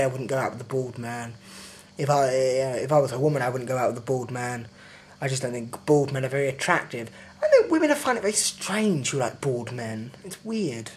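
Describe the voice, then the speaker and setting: A young man ranting in a sweary, indignant video diary with exaggerated complaints. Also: on the high side. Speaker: vlogger.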